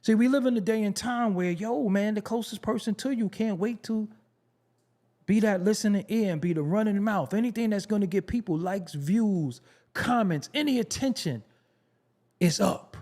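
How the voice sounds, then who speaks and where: A man with a somewhat high-pitched voice delivers opinionated commentary to his viewers. He hammers his points home with profanity and repeated phrases, then drops into a low, hushed tone for serious asides. The talk stays loose and conversational throughout. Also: moderate pace. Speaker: commentary channel host.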